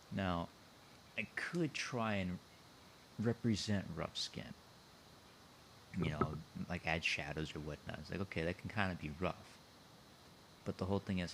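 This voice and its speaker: A man's voice: deep voice, vocal fry, a little hiss or hum, poor audio. A man speaking on an online voice call, explaining his own story in casual chat and thinking aloud as he circles back to his points.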